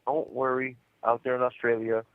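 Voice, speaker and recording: A man's voice: medium pitch, flat delivery, moderate pace, clean tone, dry recording. Guy on a prison phone, jokey, lots of "like", dull dry line. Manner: joking, laughs often, many fillers. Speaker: podcast co-host calling from prison. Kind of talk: casual chat on a phone call. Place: prison day room phone.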